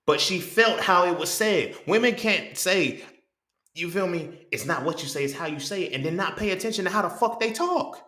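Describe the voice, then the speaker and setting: A man's voice: a little high, bright, forceful tone, roomy sound. A man hosting a podcast in a casual, profane monologue, often checking in with "you feel me". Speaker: podcast host.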